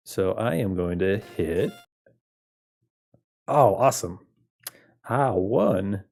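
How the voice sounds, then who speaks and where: A man's voice: fairly low pitch, lively intonation, slow, vocal fry, pauses often, darkish tone. A man giving casual commentary while playing games, laid-back and chatting with viewers, often laughing. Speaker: game streamer. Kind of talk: casual game playthrough commentary.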